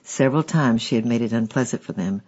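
A man reading a memoir aloud as an audiobook narrator, steady and measured. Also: mid-range voice, slightly rough, muffled recording.

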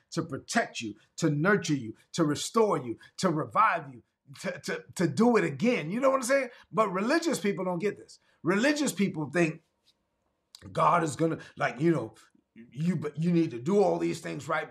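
A man's voice: fairly high pitch, gravelly, a bit bright. A man from Brooklyn preaching an emphatic livestreamed sermon, repeating refrains and asking viewers to write in the chat. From Brooklyn, New York. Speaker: pastor.

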